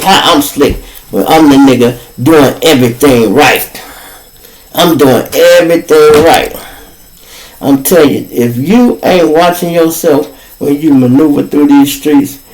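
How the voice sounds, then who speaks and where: A Chicago man with a Chicago accent hosts his own show, telling a street story in casual, profane slang and acting out both sides of an argument. His voice is a little high with a darkish tone, and the recording is rough.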